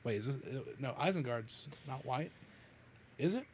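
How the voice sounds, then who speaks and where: A male podcast host reads a novel aloud at an ordinary middle pitch. He stops often to correct himself and chuckles as he goes. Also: animated, breathy edge. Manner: halting, self-correcting reading with chuckles. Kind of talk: reading a novel aloud with commentary.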